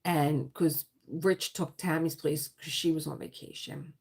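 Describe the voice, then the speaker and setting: A woman with a South Philadelphia accent hosting a casual livestream chat, rambling with quick asides and laughter. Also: deep voice, fairly even intonation, gravelly, a little mellow, breathy edge. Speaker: livestream host.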